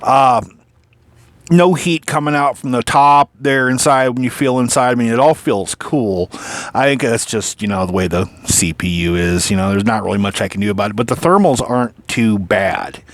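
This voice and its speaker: A man's voice: mid-range voice, moderate pace, no room sound. A man casually walking through a PC he built, rambling, restarting his sentences and swearing now and then. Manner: rambling, filler-heavy, frequent restarts and mild swearing. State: has the hiccups. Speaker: PC builder showing his own build. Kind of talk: casual hands-on build walkthrough.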